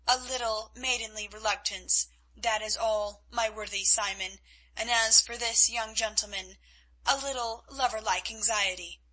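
A woman's voice: fairly high pitch, steady tone, unhurried, sharp tone, poor audio. A woman reading a cold mocking Spanish officer. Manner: mocking, coolly commanding.

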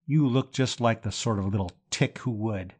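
A man reading an audiobook, voicing a tipsy, pompous young upper-class man who blusters and climbs into high indignation. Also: moderate pace, darkish tone, slightly rough. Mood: blustering.

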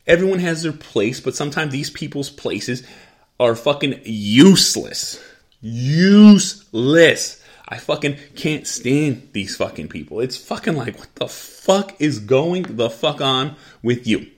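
Blunt, swearing ranting man. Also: medium pitch. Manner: profane, blunt, rants and repeats himself. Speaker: podcast host. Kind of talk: profane angry rant.

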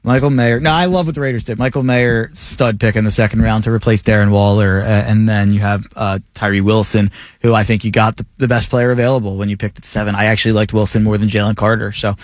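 A man co-hosting a sports radio show, talking casually and enthusiastically, his pitch jumping up when he gets excited. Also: fast talker, no room sound. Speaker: co-host, draft analyst. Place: radio studio.

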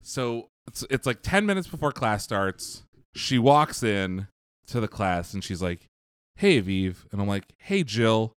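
A man co-hosting a podcast, telling stories in casual chat, animated and profane, laughing often. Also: fairly low pitch, measured pace, clear, resonant tone, no room sound. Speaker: podcast co-host.

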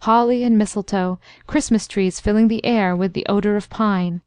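A woman narrating a classic story in a steady, even storytelling voice. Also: mid-range voice, normal speed, clear, resonant tone, no echo, clean studio sound. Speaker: audiobook narrator.

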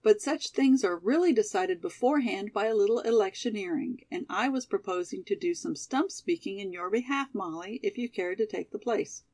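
A woman's voice: mid-range voice, moderate pace, hardly any pauses, a little mellow, no room sound, natural voice. A woman voicing a talkative, persuasive young college sophomore in a storybook reading. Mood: persuading. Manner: persuasive, chatty.

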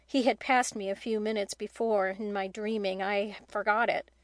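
A woman's voice: mid-range voice, fairly even intonation, moderate pace, no room sound, lightly acted. A woman reading the part of a remorseful, earnest young boy in an audiobook, with only a slight lift of her voice.

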